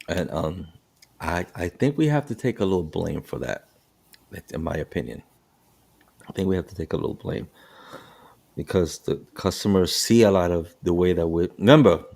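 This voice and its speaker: Middle-aged male host, very low voice, chatty storyteller who restarts his sentences a lot. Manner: animated storytelling with frequent restarts. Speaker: podcast host and bus operator. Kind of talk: casual podcast chat.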